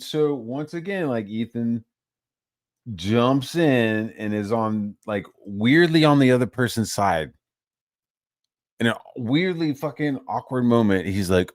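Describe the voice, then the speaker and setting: A man's voice: medium pitch, unhurried, dry recording, clean studio sound. A man ranting casually about online drama, swearing a lot and mocking others in put-on voices. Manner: profane, animated, mocks others in put-on voices. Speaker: channel host.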